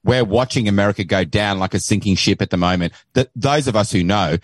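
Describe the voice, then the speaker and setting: An agitated Australian man venting as a caller on a political talk show. His voice sits low, and the sound is dry and close. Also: a little fast, no echo.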